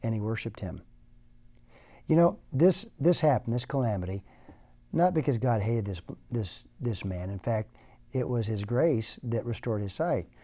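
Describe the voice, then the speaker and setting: Male preacher, conversational sermon delivery, mellow warm tone, mid-range pitch. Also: expressive, normal speed. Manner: conversational, repeats words as he goes.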